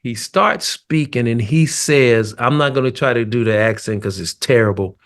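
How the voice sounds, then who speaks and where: A middle-aged man, a drummer guest, telling stories in a loose, animated way with laughs. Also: medium pitch, moderate pace. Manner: animated storyteller, laughs and acts out scenes. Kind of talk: casual storytelling chat.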